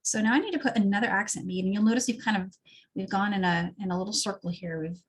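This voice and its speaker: Husky woman teaching a craft step by step. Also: medium pitch, fast talker. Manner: relaxed, chatty, explains as she works. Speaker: craft instructor.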